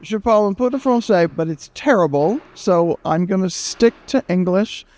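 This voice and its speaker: A man from the United States moderating a panel, talking quickly and jokingly into a handheld microphone. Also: high-pitched. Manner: animated, jokey, fast-talking. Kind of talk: lively panel talk. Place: screening event room.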